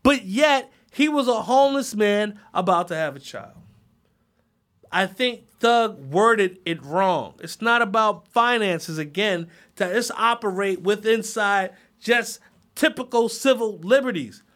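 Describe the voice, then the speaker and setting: A man's voice: high voice, unhurried, fairly bright tone. A man hosting his own podcast, ranting heatedly with lots of profanity. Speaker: podcast host. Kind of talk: solo podcast rant.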